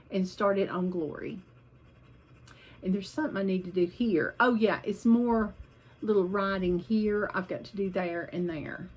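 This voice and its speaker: A woman's voice: mid-range voice, a little mellow, poor audio. A woman vlogging about her cross-stitch projects in a chatty, rambling way, hopping from one topic to the next.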